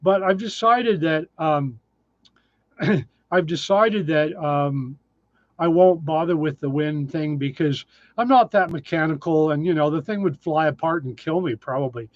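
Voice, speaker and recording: Man, 60s, livestream host, casual and self-deprecating, somewhat high voice, dry lo-fi sound. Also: measured pace, no room sound. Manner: chatty, self-deprecating, answers viewer questions. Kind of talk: casual live chat reading comments.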